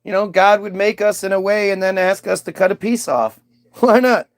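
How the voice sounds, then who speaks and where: A man rambling through a profane comic rant in a sarcastic, irreverent tone. His voice is fairly high and gravelly, and the sound is dry and close. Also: moderate pace, no room sound. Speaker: comedian.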